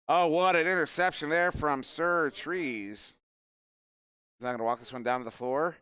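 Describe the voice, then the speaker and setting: Smooth-voiced man calling an esports match. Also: on the high side, moderate pace, pushed and bright, no echo. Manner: chatty, jokes with people in the room between calls. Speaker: esports caster. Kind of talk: live esports play-by-play commentary. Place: live event venue.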